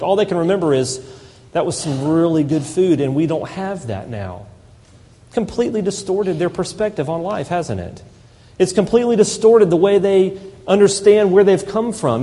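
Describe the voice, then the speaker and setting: A man's voice: sits high, dark tone. A man giving an impassioned sermon as a pastor, now and then mimicking whiny complainers. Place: church sanctuary. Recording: long hall reverb.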